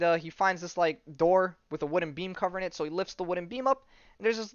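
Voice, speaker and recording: A man with a smooth, resonant voice, recorded dry and close with no room sound. He talks in a loose, joking way and retells the story with plenty of ums and likes. The mic sounds a little dull and lo-fi. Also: fairly high pitch, a bit bright, no echo. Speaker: podcast host. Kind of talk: casual comic-book recap.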